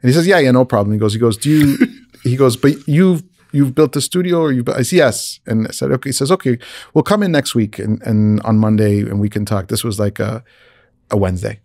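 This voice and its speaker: In clean, dry studio sound, a man speaks fast in a slightly mellow voice, casually recounting a career story as a visual effects artist. He often repeats and restarts words, and he acts out the people he quotes, usually raising his pitch for them.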